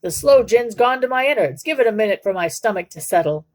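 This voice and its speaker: A woman's voice: fairly high pitch, lively intonation, quick pace, a little mellow, lightly acted. A woman voicing a big, boozy male crook who talks bluntly and sneers. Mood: sneering.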